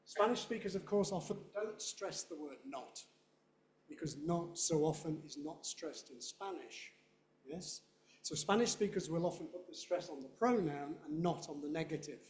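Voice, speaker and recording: A man's voice: fairly high pitch, expressive, moderate pace, a little mellow. A man giving a conference lecture, explaining points and saying example phrases aloud to demonstrate them. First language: English. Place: lecture room. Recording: echoey lecture room.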